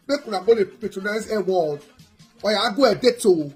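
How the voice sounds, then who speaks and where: A Nigerian woman hosting a gossip channel, talking in an animated, excitable way. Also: medium pitch, brisk, faint music behind. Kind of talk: animated casual commentary.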